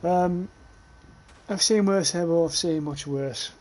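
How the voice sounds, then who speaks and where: Taking his time, a young man with a slightly high, a little mellow voice gives casual livestream commentary over a shooter game. He wanders off on tangents, swears, and reads chat aloud, laughing at what he sees.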